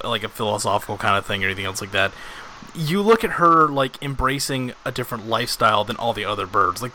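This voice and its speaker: Male podcast co-host with a bright, forceful voice, chatty and keen, faint room noise behind. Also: medium pitch. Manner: enthusiastic, chatty, many fillers. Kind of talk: casual chat.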